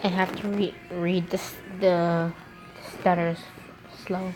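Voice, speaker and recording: A woman's voice: fairly low pitch, flat delivery, takes it slowly, background noise. A woman reading fan fiction aloud, breaking off to laugh and comment on it.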